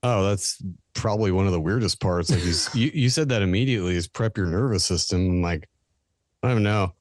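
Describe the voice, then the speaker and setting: A man's voice: deep voice, fast talker, no echo, studio quality. An American man chatting casually as a co-host, joking and self-deprecating. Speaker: guest co-host. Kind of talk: casual chat.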